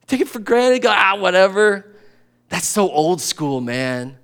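Conversational preaching man, fairly high voice. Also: very animated, measured pace, clean tone. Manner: conversational preaching, acts out grumbling voices, sighs. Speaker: pastor. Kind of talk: sermon.

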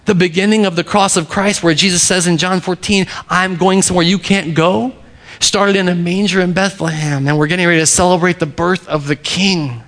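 A middle-aged man preaching a sermon, his voice a little high for a man and gravelly with fry. He speaks earnestly, repeats his key lines and slows down to press a point home. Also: steady tone, a bit bright. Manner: earnest preaching, repeats key phrases, varies pace for emphasis. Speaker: pastor.

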